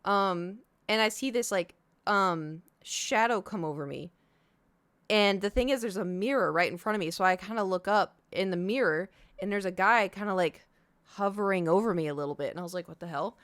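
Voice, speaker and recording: A woman's voice: mid-range voice, normal speed, a bit bright, no echo. A young adult woman streamer telling a rambling, self-interrupting story to her chat in a casual way. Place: home.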